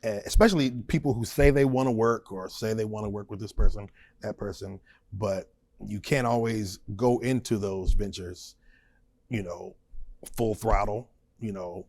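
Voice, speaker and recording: A man with a lowish voice speaks at a moderate pace in a recording with no room sound. He's being interviewed as a supporting vocalist, and he talks emphatically and animatedly, laughing easily and driving his points home with short, stressed words.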